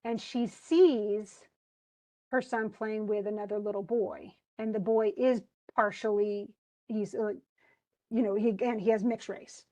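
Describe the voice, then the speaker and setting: A woman's voice: medium pitch, steady tone, a little slow, warm tone, poor audio. A woman college English teacher giving a conversational literature lecture, full of fillers and restarts, who reads story passages aloud.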